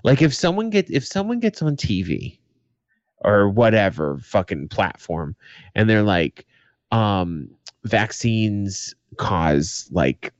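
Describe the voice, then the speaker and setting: A man's voice: on the low side, sing-song, measured pace, no room sound, muffled recording. A man co-hosting a podcast in casual chat, swearing freely and speaking emphatically. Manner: profane, emphatic. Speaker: podcast co-host.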